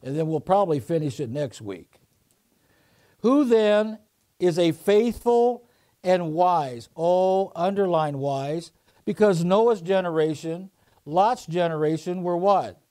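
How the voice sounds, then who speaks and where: High-voiced guy preaching, fiery sermon, goes from soft to shouting. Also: animated, slow. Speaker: pastor.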